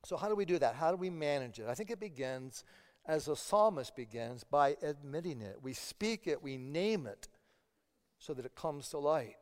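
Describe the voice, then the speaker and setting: A man's voice: a little high, animated, moderate pace. A man preaching a sermon as pastor, earnest and often repeating words as he presses a point. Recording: long hall reverb.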